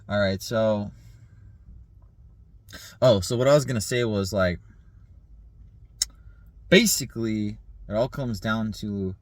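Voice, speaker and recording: A man in his thirties rambling in a casual vlog monologue, laughing often, swearing and filling pauses with "like" and "um". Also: fairly low pitch, no echo. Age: 30s. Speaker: vlogger.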